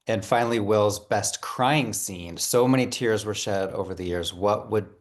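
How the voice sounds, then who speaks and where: A man interviewing an actor, asking measured, friendly questions. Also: on the low side.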